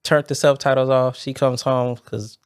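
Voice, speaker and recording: A man's voice: medium pitch, moderate pace, clear, resonant tone, dry recording, studio quality. A man co-hosting a casual chat podcast, telling stories with lots of laughter and quoted voices. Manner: animated storyteller, laughs often, mimics voices in anecdotes.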